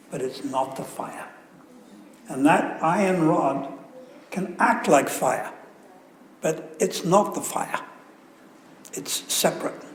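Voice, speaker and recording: Slow, joking man preaching in an echoey hall. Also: on the high side, slight background noise. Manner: conversational storyteller, joking asides. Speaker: visiting guru giving a talk. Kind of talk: sermon with anecdotes. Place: temple hall. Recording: echoey hall, faint room ambience.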